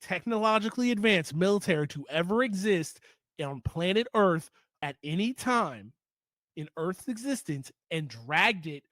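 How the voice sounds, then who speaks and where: A man's voice: sits high, very animated, moderate pace, a bit bright, no echo. A man giving an opinionated political commentary monologue, heated and emphatic, repeating points for stress.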